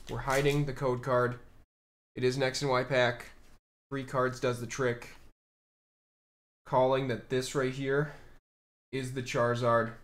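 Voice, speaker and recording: A man streaming live as he opens trading card packs, chatting to his viewers and the camera in a casual way and often repeating his phrases. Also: medium pitch.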